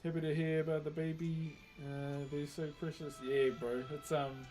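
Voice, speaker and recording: This man's voice sits on the high side, with little pitch movement, a darkish tone and a moderate pace, over faint music. He's a New Zealand wood carver chatting casually on his live stream as he works. Easygoing, he reads comments aloud, laughs often and calls everyone "bro."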